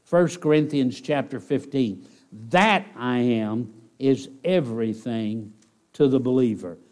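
A middle-aged man preaching a sermon, emphatic and repetitive, slowing down on key words and surging in volume. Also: mid-range voice, a little mellow. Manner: emphatic, repetitive preaching with dramatic slowdowns and surges.

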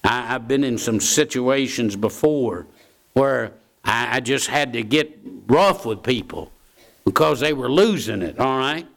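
A man's voice: mid-range voice, lively intonation, measured pace, gravelly. A man preaching a sermon in a folksy way, repeating key phrases for emphasis.

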